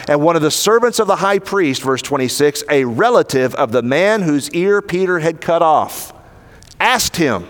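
A man's voice: a little high, animated, normal speed. A man with a Southern American accent preaching a sermon, retelling the story dramatically and acting out the quoted lines. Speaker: pastor. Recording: hall reverb.

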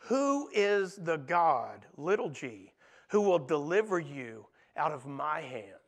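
A proud, angry ancient king, as a preacher voices him, first coaxing and then boasting. The voice sits high for a man, with the feel of a sermon retelling. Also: very animated, slow pace, heavily acted. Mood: boastful.

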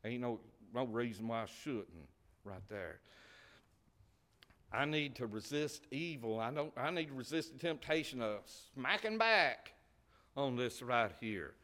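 A man preaches, his voice bright and forceful at mid pitch. He presses his points with rising volume, then drops back to soft, hushed asides. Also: lively intonation, a little slow. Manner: impassioned, swinging from loud emphasis to quiet murmurs. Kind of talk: sermon.

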